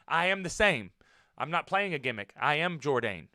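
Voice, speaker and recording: An American man hosting a casual wrestling podcast, talking in an animated, blunt way, swearing now and then and repeating himself for emphasis. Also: on the high side, moderate pace, no echo, clean studio sound. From United States. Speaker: podcast host and professional wrestler.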